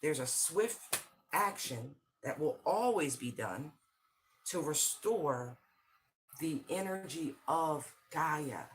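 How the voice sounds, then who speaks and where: An intense tarot and channeled-message reader gives a livestream reading, addressing viewers directly in slangy language. The voice is medium in pitch, expressive, and slow-paced.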